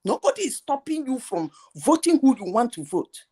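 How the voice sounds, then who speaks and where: An emphatic woman holding the floor in a heated live debate. Her voice sits high and swings widely as she presses one rhetorical question after another. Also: very animated, normal speed, mellow, breathy edge. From Nigeria.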